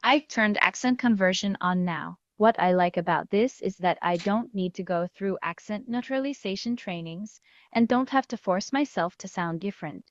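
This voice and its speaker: A woman's voice, processed through AI accent conversion, comes out smooth and neutral at a mid pitch. The audio is dry and slightly dull, like a call line. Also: moderate pace, dry recording. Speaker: call center agent. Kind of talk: scripted product demo.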